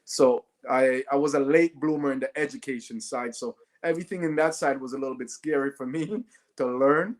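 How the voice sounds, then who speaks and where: A man's voice: mid-range voice, normal speed. A man, a guest telling stories in an interview and often adding "right?". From Jamaica. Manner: animated, often adds "right?". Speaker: guest, former Olympic sprinter. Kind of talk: storytelling in a podcast interview.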